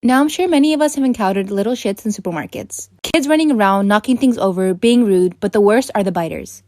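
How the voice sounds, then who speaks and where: A woman's voice: medium pitch, quick pace, mellow, no echo. A woman telling a storytime in a wry tone, swearing for effect. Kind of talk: scripted storytime. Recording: dry close sound.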